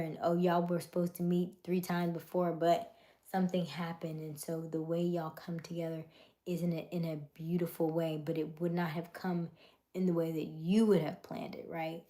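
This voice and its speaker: A woman, hosting a casual late-night livestream chat in a soft, affirming way that drifts into whispers. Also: lowish voice. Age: 30s. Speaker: livestream host.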